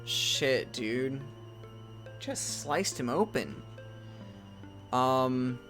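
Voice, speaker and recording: Extremely slowly and expressively, a man with a mid-range voice reads a text adventure game aloud over its music. He breaks off at times into loud, startled exclamations.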